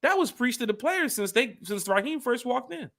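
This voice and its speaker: A man's voice: very high-pitched, moderate pace, vocal fry. A man hosting a sports fan podcast in casual, rambling talk aimed at his co-host. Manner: animated, rambling, talks straight to his co-host.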